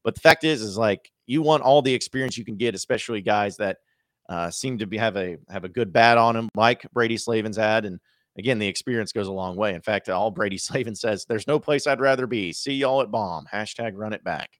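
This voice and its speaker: A man's voice: on the low side, fairly quick, fairly bright tone, no echo, clean studio sound. A man hosting a sports podcast, talking casually and with strong opinions, often restarting his sentences. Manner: opinionated, emphatic, with frequent restarts. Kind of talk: casual solo podcast commentary.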